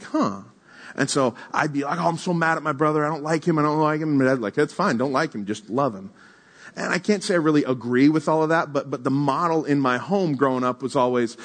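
A young adult man preaching a sermon to a congregation, mixing scripture with personal stories and casual asides, slowing down for emphasis and speeding through side remarks. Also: mid-range voice. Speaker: pastor.

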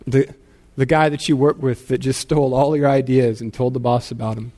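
A man's voice: mid-range voice, level tone, fairly quick, mellow. Self-deprecating casual preaching man. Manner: casual storytelling, self-deprecating, repeats words often. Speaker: pastor. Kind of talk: sermon.

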